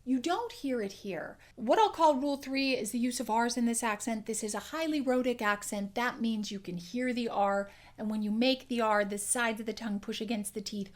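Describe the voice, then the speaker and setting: A woman accent coach giving an explanatory lesson, clearly demonstrating individual sounds. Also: on the high side, moderate pace, hardly any pauses.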